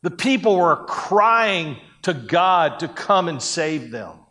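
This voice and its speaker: A man's voice: a little high, big pitch swings, slow pace, pushed and bright. A man preaching a sermon in a conversational way, breaking into acted-out quotes of people. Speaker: pastor.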